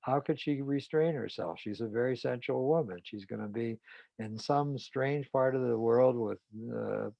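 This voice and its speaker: Gravelly male psychologist telling a case story, frank, dull dry recording. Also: mid-range voice, normal speed, no echo. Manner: frank, conversational.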